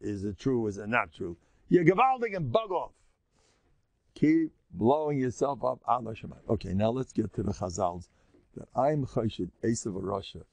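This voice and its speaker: With a gravelly, mid-range voice and no echo, an older rabbi from the United States teaches Torah in a lively way. He acts out inner voices and sprinkles his talk with Hebrew and Yiddish words.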